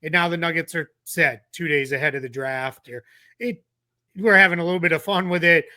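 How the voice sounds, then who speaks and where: Bright-voiced man chatting about basketball. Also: fairly high pitch, a little fast. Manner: animated, acts out quotes. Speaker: co-host. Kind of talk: casual sports talk.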